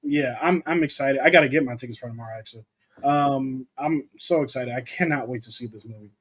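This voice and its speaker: Chatting casually as co-host of a movie livestream, a young man reads viewer comments aloud. His mid-range voice is brisk, husky, and a bit bright.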